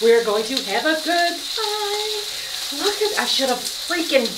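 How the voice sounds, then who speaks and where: Woman host, excitable cooking vlogger, a bit higher voice, swooping and lively, echoey room away from the mic, sizzle behind. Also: fairly quick, heavy background noise. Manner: excitable, nervous, laughing a lot. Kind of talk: casual cooking vlog. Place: indoor kitchen under lights. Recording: roomy echo, distant from mic, kitchen sizzle. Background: food frying and sizzling.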